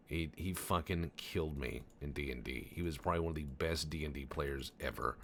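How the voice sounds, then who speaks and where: A man's voice: a bass voice, a bit bright, a little hiss or hum. A young adult man giving casual, profane, joking commentary over a game he is playing, rambling into stories. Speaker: gameplay commentator. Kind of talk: casual let's-play commentary.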